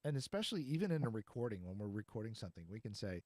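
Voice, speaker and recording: A man's voice: fairly low pitch, sing-song, rapid-fire, a little mellow, no room sound. Chatty man with a dry, close sound. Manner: chatty and rambling, laughs easily. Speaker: podcast host. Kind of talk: casual chat.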